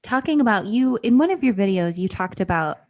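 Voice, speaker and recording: Woman host, casual interviewer, chatty, mid-pitched voice, animated asides. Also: fairly quick.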